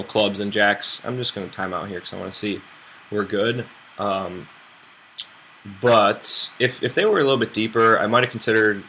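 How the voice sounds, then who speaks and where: A man's voice: lowish voice, sharp tone, a little hiss or hum. A man from the United States streaming online poker, rambling and thinking aloud about his hands with self-mocking asides. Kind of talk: live game commentary.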